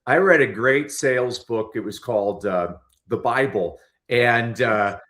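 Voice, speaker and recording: A man's voice: medium pitch, measured pace. A middle-aged man, a storytelling coach, talking as a guest on a podcast and acting out quoted lines in different voices. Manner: animated, acts out quotes in voices. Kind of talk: lively podcast conversation.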